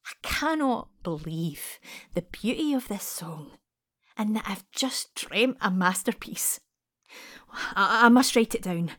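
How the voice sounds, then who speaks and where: A Scottish woman narrating a dreamlike first-person story, speaking softly and often in a whisper, with the odd swear word. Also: mid-range voice, expressive, slow.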